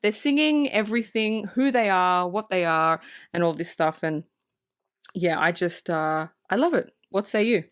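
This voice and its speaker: A woman's voice: lowish voice, moderate pace, smooth, no echo, clean studio sound. A woman co-hosting a podcast, chatting casually and animatedly about a film, swearing freely and laughing often. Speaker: podcast co-host. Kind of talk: casual movie-review chat.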